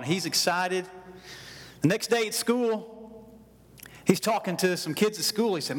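A man's voice: sits high, animated, unhurried, pauses often, husky. A man preaching a sermon with folksy storytelling, calling out to his congregation for responses. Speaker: pastor. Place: church hall. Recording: long hall reverb.

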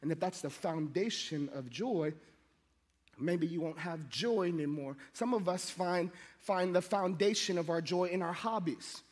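A man's voice: high voice, measured pace, big-room sound. A middle-aged man preaching a sermon, telling funny stories and acting out the people in them. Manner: animated, jokey, acts out voices. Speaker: pastor. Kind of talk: sermon with storytelling.

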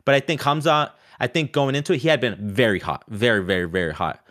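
A man talking fast and loose in a casual sports chat, restarting his sentences and leaning on "like" as a filler. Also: mid-range voice. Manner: animated, restarts often, many "like" fillers.

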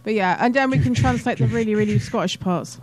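A woman's voice: on the high side, fast, darkish tone, rough recording. A woman co-hosting a casual podcast, chatty and laughing often. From England. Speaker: podcast co-host. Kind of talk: casual chat.

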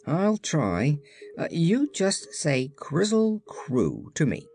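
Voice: medium pitch, huge pitch swings, slow pace, darkish tone, slightly rough, voice pushed up, heavily acted. A reader voicing the boastful Woozy beast. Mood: gleeful. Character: big boastful male beast, touchy and proud. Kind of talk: audiobook character voice.

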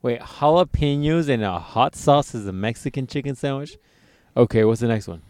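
A man's voice: mid-range voice, normal speed, darkish tone, clean tone, no echo. A man co-hosting a casual podcast chat, wisecracking and swearing freely. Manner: wisecracking, profane, laughs often. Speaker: podcast co-host.

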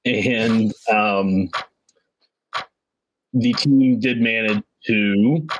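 Low-voiced man running a tabletop game. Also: fairly even intonation, very slow, muffled recording, noisy background. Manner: casual, hesitant with many fillers. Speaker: game master. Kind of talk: narrating a tabletop game recap.

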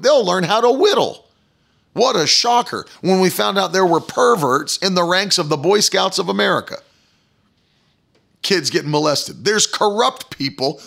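A man's voice: high voice, gravelly, a bit bright. A man preaching a fiery sermon, hammering the crowd with rhetorical questions.

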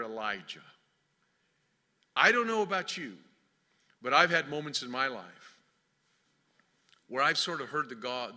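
A man delivers a sermon in a fairly high, very bright voice. He swells into loud, declaiming passages, then sinks to hushed, almost whispered lines. Long reverb from a large church hall trails every phrase. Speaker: preacher.

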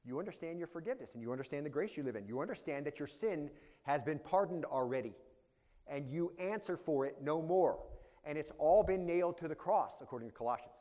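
Man, pastor, sermon, fairly high voice, explains Greek words, loud emphasis and quiet asides. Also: expressive, a little fast. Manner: expository preaching, explains Greek words, frequent "see?".

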